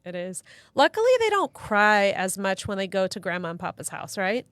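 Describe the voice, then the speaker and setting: A woman co-hosting a relaxed live chat show, with a mid-range voice that sounds close and dry. She tells family stories and reads viewer comments aloud in an easy, conversational way. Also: mid-range voice, normal speed, no room sound. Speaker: co-host. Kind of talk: casual chat.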